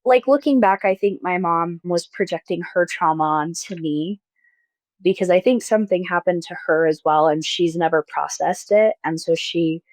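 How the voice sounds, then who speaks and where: A young adult woman on close mic, telling a personal story as an interview guest in a soft, hesitant way, with many likes and restarts. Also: lowish voice, moderate pace, dry recording. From Mormon-majority town in the US.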